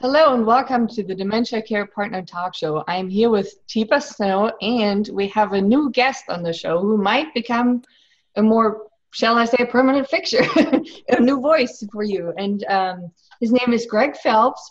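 A woman's voice: a little high, moderate pace. Woman podcast host, dull audio. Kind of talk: scripted intro, then casual chat.

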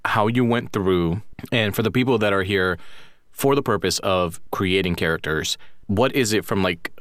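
A man's voice: sits low, moderate pace, fairly bright tone, dry recording, studio quality. A man co-hosting a podcast, talking enthusiastically in a rambling, casual way. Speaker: podcast co-host. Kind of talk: casual podcast chat about roleplay.

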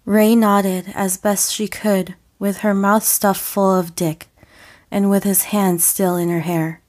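A woman reading an audio story as a narrator, slow and deliberate. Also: mid-range voice, level tone, a little mellow. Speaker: audiofic reader.

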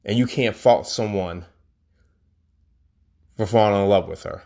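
A man's voice: fairly low pitch, measured pace, vocal fry, mellow. A man hosting a podcast, talking in a casual, rambling, emphatic monologue. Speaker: podcast host.

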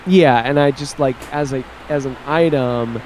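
A man's voice: mid-range voice, normal speed, darkish tone, a little hiss or hum, rough recording. A man co-hosting a podcast, chatting casually about tabletop games and thinking aloud with restarts. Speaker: podcast co-host.

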